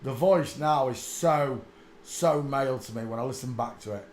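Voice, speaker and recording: A man's voice: medium pitch, moderate pace, a little hiss or hum. Rambling crude man, echoey room. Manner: rambling, crude and self-mocking. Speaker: host. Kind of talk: casual live-stream commentary.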